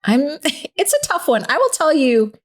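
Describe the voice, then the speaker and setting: A woman's voice: sits high, moderate pace. A woman, a podcast guest telling stories in casual chat and acting out the voices of people she quotes. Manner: animated storyteller, acts out voices in quotes.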